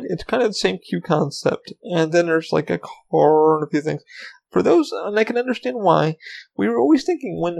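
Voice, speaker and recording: A man's voice: on the high side, gravelly, a little mellow. A man in his thirties hosting a podcast on his own, talking in a rambling, profane, casual way. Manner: rambling, profane, self-interrupting. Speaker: podcast host. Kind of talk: casual solo podcast chat.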